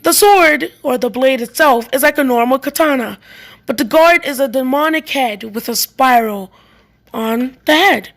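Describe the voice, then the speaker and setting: A woman's voice: high-pitched, moderate pace, fairly bright tone. A woman reading a fan story aloud in a plain way, often stumbling and restarting lines.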